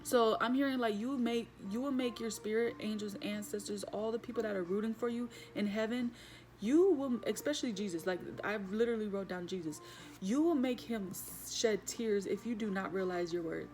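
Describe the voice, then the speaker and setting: A woman's voice: medium pitch, moderate pace, a little mellow, faint music behind. A woman giving a casual spoken spiritual reading straight to her viewers, earnest and emotional, rambling with lots of fillers. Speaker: spiritual message reader.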